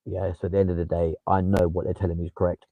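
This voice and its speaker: A young livestream host with a London accent chats casually, swears freely and answers viewers. His voice sits low, with a level tone and rapid-fire delivery, in dry, phone-quality sound.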